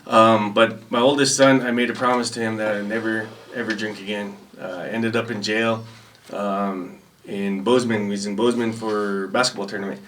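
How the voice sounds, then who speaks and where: Laid-back male guest, casual storyteller, bright tone, slightly off-mic with faint noise. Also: fairly low pitch, little pitch movement, moderate pace, recorded from a distance. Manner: rambling, laid-back, with restarts and laughs. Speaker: podcast guest. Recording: voice a bit off-mic.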